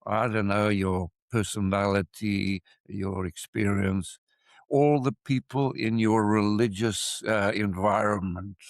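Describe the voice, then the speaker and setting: An older man with a South African accent, an expert witness talking in a measured, emphatic way and repeating points for stress. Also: lowish voice, steady tone, no echo. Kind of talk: casual interview talk.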